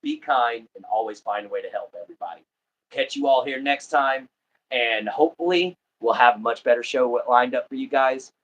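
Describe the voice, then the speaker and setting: A man's voice: mid-range voice, moderate pace, a bit bright, muffled recording. An American man hosting a casual livestream, chatting and laughing often as he greets viewers. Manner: laughs often, friendly sign-offs. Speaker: livestream host.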